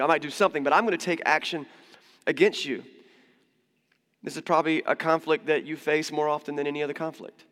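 Conversational pastor in an echoing hall. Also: male voice, fairly high pitch, a bit bright. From United States. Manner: conversational, humorous, with frequent asides and restarts. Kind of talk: sermon.

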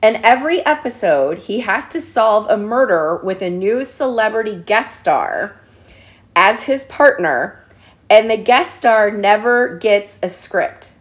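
A woman's voice: medium pitch, animated, measured pace. A young woman co-hosting a podcast, chatting casually with lots of laughter and joking banter. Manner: giggly, joking, tipsy banter. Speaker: podcast co-host. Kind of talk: casual chat.

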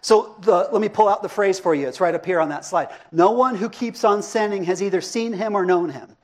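With a high voice and a brisk delivery, a middle-aged male pastor preaches an interactive sermon, keeping it casual and asking the congregation questions.

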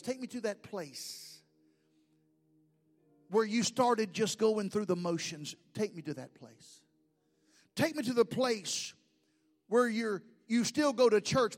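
A man preaching a sermon as pastor, swinging between shouted lines and hushed, whispered prayers. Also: high voice. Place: church sanctuary. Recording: long hall reverb with faint music.

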